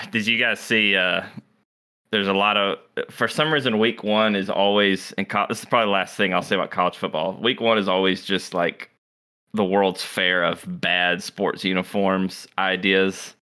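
A man with a very low, gravelly voice that still has a bright edge. He chats about college football in a loose, joking way, chuckling between points. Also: steady tone, normal speed. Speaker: podcast co-host. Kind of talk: casual sports chat.

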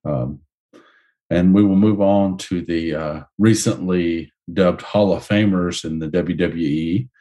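A man hosting a casual podcast, reviewing action figures in a relaxed way with many ums. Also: low voice, slow. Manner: relaxed, descriptive, hesitant with ums. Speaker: podcast host.

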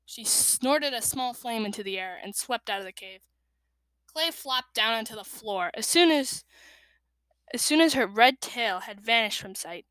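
A woman reading a children's novel aloud with lively, expressive narration. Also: a little high, a little slow, dry recording. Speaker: reader.

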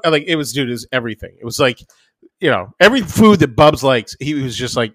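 A man's voice: mid-range voice, expressive, brisk, fairly bright tone. A man in his thirties co-hosting a podcast, telling a family story in casual chat and acting out his kids' voices. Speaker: podcast co-host.

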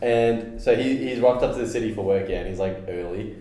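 A man's voice: on the low side, brisk. A young man, co-hosting a podcast, chatting casually with friends and acting out the voices in his stories. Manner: animated storyteller, acts out quoted voices. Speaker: podcast co-host. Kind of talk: casual chat among friends. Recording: very echoey room.

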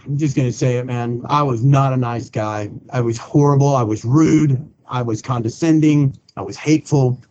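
A man's voice: medium pitch, moderate pace, few pauses, darkish tone, dull audio. A man, a pastor, telling his recovery testimony in a blunt, colloquial way and acting out the people he quotes. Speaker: pastor and podcast guest. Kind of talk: personal testimony in conversation.

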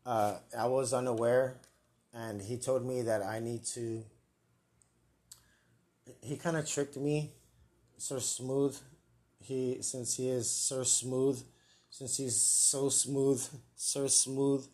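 A man's voice: medium pitch, level tone, slow pace, long pauses, a little mellow. A man hosting a live comedic podcast, rambling, joking and swearing at himself. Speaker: podcast host. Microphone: earpiece and mic, live stream.

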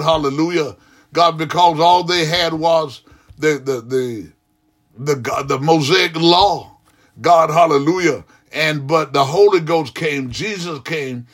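A man's voice: on the high side, fairly bright tone. Fervent praying pastor, man. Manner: fervent praying, frequent "God, hallelujah" interjections; repetitive, rhythmic preaching cadence. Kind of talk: extemporaneous prayer.

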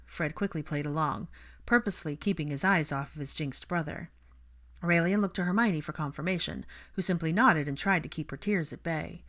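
A woman reading a fan fiction story aloud as narrator, lifting her pitch to voice the characters' dialogue. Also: fairly quick. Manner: reads dialogue with lively pitch lifts. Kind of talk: audiobook narration.

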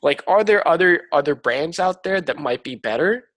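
A man's voice: a little high, animated, normal speed, fairly bright tone, no room sound. A man co-hosting a podcast in casual chat, joking and ranting with lots of "like". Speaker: podcast co-host.

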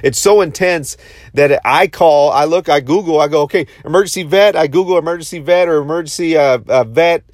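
A man in his thirties telling a story to his viewers, intense and excitable, often repeating and restarting his phrases. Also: a little high, fairly quick, dry recording, clean studio sound. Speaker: motivational vlogger.

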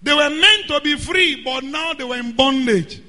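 A man preaching a sermon, often shouting and drawing out words. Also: very high voice, normal speed. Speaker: pastor. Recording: hall reverb.

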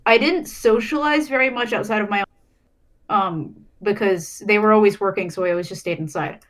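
A woman's voice: mid-range voice, moderate pace. A young woman in casual podcast chat, telling a story hesitantly with many ums.

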